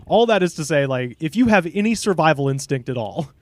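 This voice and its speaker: A man telling a story on a podcast in a casual, animated way, laughing often and swearing offhand. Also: a little high, fairly quick, no echo. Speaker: podcast guest.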